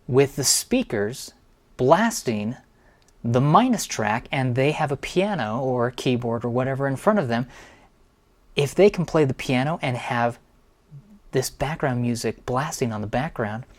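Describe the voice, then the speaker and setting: A man in middle age talks through his own piano pieces as a teacher. His delivery is enthusiastic and explanatory, the tone of someone guiding fellow teachers through a book. His pitch sits in an ordinary middle range. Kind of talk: instructional walkthrough.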